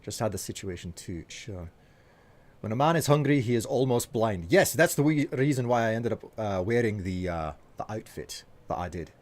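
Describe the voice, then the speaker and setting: A man's voice: on the low side, animated, moderate pace. A man with a Scottish accent, chatting as a streamer, reading and answering viewer messages with hesitant fillers. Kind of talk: live stream chat while gaming.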